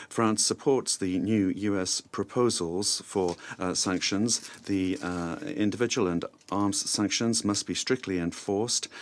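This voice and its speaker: A man delivering a formal statement to a security council in a measured way, with frequent hesitations. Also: low-pitched. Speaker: speaker for France's delegation at the UN Security Council.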